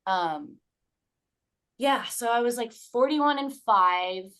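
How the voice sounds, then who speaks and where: A woman's voice: fairly high pitch, animated, slow, fairly bright tone, smooth. A woman telling a personal story as a podcast guest, casual and candid, swearing freely and acting out her own past remarks.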